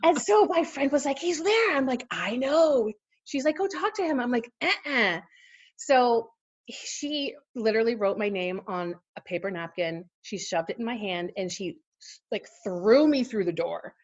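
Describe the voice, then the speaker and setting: A woman's voice: fairly high pitch, moderate pace, darkish tone, dull audio. A woman in her forties, a podcast guest, telling a personal story in casual interview chat with lots of fillers and laughter. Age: 40s.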